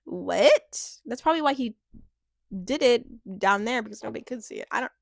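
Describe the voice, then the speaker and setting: A woman's voice: a little high, animated, normal speed, vocal fry, no echo, studio quality. A woman giving a casual, chatty recap of a reality show, rambling with lots of fillers and acting out quotes with a laugh.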